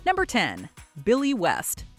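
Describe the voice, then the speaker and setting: A woman's voice: a little high, wildly swooping pitch, measured pace, faint music behind. A woman reading a scripted countdown narration in an upbeat voice-over. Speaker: list video narrator.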